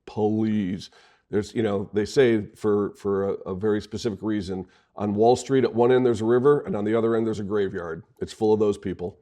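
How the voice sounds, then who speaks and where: A man with a fairly low voice discusses markets in a relaxed podcast conversation. He talks with emphasis and pokes fun at himself and others. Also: normal speed. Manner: emphatic, gets fired up and jokes. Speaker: market strategist.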